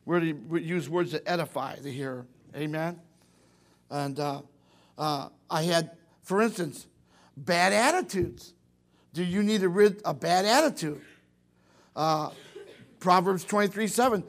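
A middle-aged man preaching a sermon in a folksy, animated way, acting out little quotes. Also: high voice, a little slow, pauses often.

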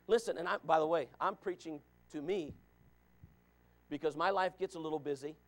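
Pastor, male, high-pitched; fervent preaching style that repeats and addresses listeners. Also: fairly quick, gravelly. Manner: emphatic, repeats lines, calls out listeners by name. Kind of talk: sermon.

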